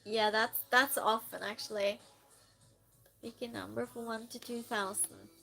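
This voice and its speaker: A woman's voice: fairly high pitch, steady tone, a little slow, gravelly, bright, forceful tone, soft background music. A woman streamer chatting casually and playfully with her live viewers, reading their messages aloud and teasing them.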